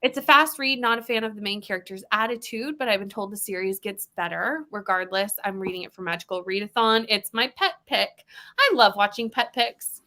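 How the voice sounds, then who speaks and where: A woman's voice: mid-range voice, fairly quick, sharp tone. A young woman co-hosting a reading livestream, chatting casually and laughing often. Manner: chatty, laughs often, interrupted by her child. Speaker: readathon livestream co-host.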